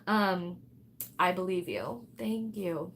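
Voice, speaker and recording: A woman's voice: fairly low pitch, slow pace, fairly bright tone, a little hiss or hum. A woman hosting a tarot livestream, chatting casually and candidly, rambling and swearing freely as she responds to viewers. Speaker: tarot reader and livestream host.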